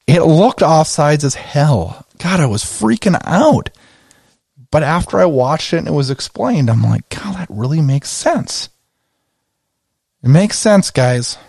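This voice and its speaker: A man hosting a podcast, giving a casual game recap and excitedly retelling his own reactions in a conversational way. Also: on the high side, dry recording, studio quality. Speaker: podcast host.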